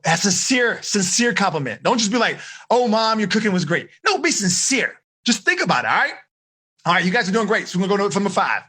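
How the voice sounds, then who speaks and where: A man from the United States giving a lively live seminar to teenagers as a life coach, coaxing his audience to answer and acting out little quoted scenes. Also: high voice, quick pace, husky. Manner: animated, coaxing the audience, acts out quoted voices. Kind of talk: energetic live seminar talk.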